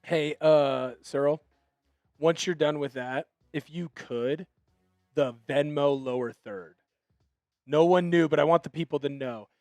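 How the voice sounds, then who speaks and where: A man hosting a fan live stream, calling plays in an excitable, chatty way and apologizing when he gets carried away. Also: a little high, normal speed, no room sound, faint music behind.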